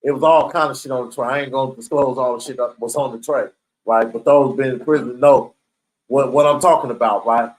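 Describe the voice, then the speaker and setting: Heard on a rough recording, a man with a mid-range, fairly flat voice talks briskly about his time in prison. His delivery is casual and streetwise, full of profanity and frequent "right?" check-ins.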